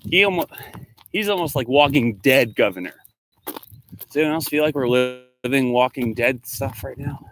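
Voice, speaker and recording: A man's voice: mid-range voice, animated, moderate pace, a bit bright. Man, teacher, casual vlog, rambling and chatty, faint background noise. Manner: chatty, rambling, answers comments aloud.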